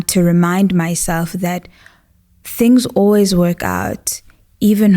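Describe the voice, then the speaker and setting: Slow, even-toned reflective woman. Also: lowish voice. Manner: thoughtful, unhurried, lots of "um" and "like". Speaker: podcast host. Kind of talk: reflective storytelling monologue.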